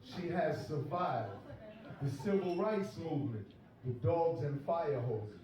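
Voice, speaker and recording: A man's voice: fairly high pitch, animated, slow, background noise. Crude stand-up comic man, echoey room. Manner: crude, boastful storytelling. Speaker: stand-up comedian. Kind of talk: stand-up comedy set. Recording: echoey club heard from far.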